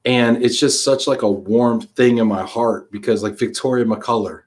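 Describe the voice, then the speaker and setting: A man's voice: medium pitch, steady tone, moderate pace, a little mellow. A man hosting a live-streamed talk show, chatting casually and energetically on a video call, tossing in slang like "buddy" and "man".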